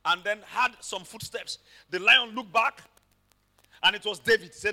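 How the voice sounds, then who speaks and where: High, bright-voiced male preacher. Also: a little slow, vocal fry. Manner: dramatic storytelling, shouting peaks. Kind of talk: sermon.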